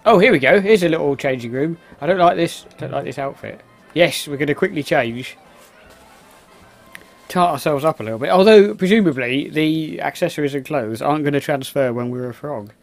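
Brief: man narrating gameplay casually, chatty and exclamatory, slightly high voice. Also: expressive, a little fast, faint music behind. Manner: rambling, exclaiming at the game, muttering asides. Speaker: gameplay commentator. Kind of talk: casual let's-play commentary.

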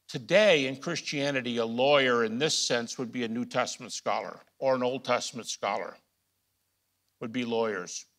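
Emphatic man lecturing, bright voice. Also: mid-range voice. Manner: emphatic, rhetorical questions, repeats key phrases; swings between quiet asides and loud emphasis. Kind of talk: recorded lecture.

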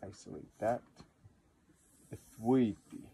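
A man giving a patient pronunciation lesson, repeating words slowly to model how they sound. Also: fairly low pitch, gravelly, mellow, slight background noise. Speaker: language teacher.

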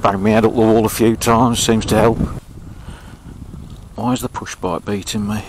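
A man's voice: fairly low pitch, little pitch movement, moderate pace, very noisy. Grumbling Englishman riding an e-bike. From England. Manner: chatty, grumbling, self-mocking. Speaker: vlogger. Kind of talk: casual running commentary while riding. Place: outdoors on an old railway path.

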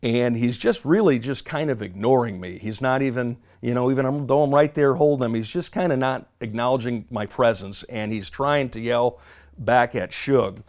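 A man, a former police officer, telling a story in an archival interview in a measured, halting way. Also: medium pitch, a little mellow.

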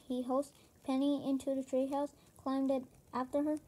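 A woman reading a children's chapter book aloud, halting, with frequent slips and restarts. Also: high voice, level tone, dark tone. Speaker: reader.

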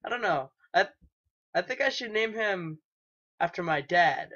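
A man's voice: high-pitched, animated, measured pace, bright, forceful tone. A young man, maybe a teenager, doing casual let's play commentary, hesitant and rambling with lots of ums and restarts. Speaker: gaming YouTuber. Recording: dull lo-fi home mic.

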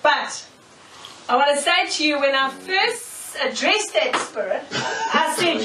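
A woman preacher giving a sermon, telling stories in an animated way, often laughing and checking in with "okay?". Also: high voice, slow, slight background noise. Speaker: preacher, prophetess. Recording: echoey room, mic far off.

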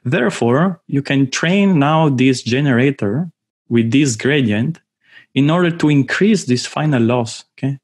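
A man with an Italian accent, from southern Italy, giving an informal online lecture with playful, animated storytelling. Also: mid-range voice, unhurried, slightly rough.

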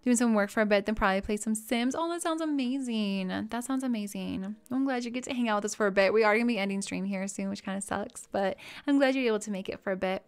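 A young woman chatting casually with her live-stream audience, bubbly and easily excited as she browses and talks. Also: mid-range voice, quick pace, hardly any pauses, clear, resonant tone.

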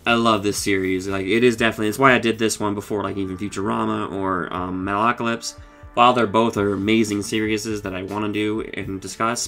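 A man giving a casual, rambling recap of a cartoon episode, excitable and full of swearing and fillers. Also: lowish voice. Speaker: show reviewer.

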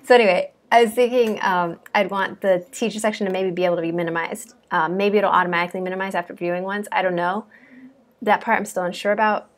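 A woman, a coding bootcamp student, chatting casually and giggling as she walks through her project. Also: medium pitch. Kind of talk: casual screen-share walkthrough.

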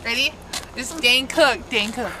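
A woman's voice: fairly high pitch, moderate pace. A woman goofing around at an outdoor bus stop, giggling, bossing the friend holding the camera and swearing a lot. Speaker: vlogger clowning for a camera. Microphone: handheld camcorder filmed by a friend. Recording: noisy street with passing cars.

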